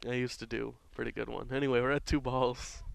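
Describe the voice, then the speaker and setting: A man's voice: medium pitch, flat delivery, quick pace, vocal fry, clear, resonant tone. A man doing casual, rambling play-by-play for a local baseball game, drifting into offhand jokey asides.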